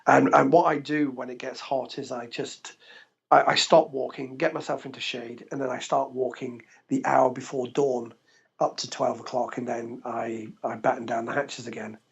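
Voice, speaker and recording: A man's voice: medium pitch, flat delivery, moderate pace, vocal fry, slightly rough. A man from England, a podcast guest, telling stories animatedly and laughing often. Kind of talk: casual interview storytelling. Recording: dull lo-fi podcast recording.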